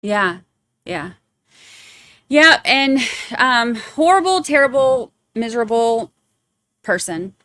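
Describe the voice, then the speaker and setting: A woman's voice: on the high side, lively intonation, slow, long pauses, sharp tone, no echo. Woman, podcast host, casual rambling chat, lots of fillers, dry close mic. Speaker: true crime podcast host.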